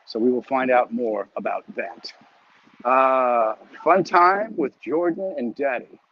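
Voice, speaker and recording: A comedian talks slowly in a mid-range voice while walking home outside, running his weekly live chat by phone. Slightly out of breath, he reads viewers' comments, joking and rambling casually. The recording is muffled, with no echo.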